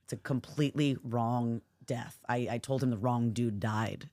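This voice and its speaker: A woman co-hosting a podcast, chatting casually and telling a story in an animated way, jumping high when she acts out other people. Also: moderate pace. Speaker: podcast co-host.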